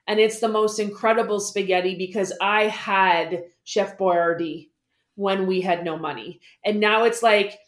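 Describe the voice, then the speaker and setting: Animated woman in an echoey room. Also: medium pitch, a little slow. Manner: animated, acts out quoted voices. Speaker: guest, money mentor. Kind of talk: casual interview chat.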